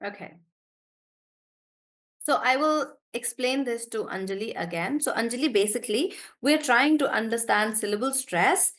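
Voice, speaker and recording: A woman's voice: a little high, animated, fairly bright tone. A woman teaching pronunciation in a live online class over a video call, praising students and stretching words out syllable by syllable. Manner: encouraging, draws out syllables slowly when modeling words.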